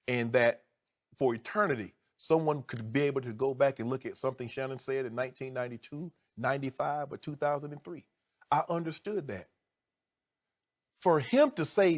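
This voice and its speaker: Middle-aged male sports commentator on a studio debate show, a little high-pitched, heated and emphatic, goes from low and measured to loud. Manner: emphatic, indignant, piles up rhetorical questions.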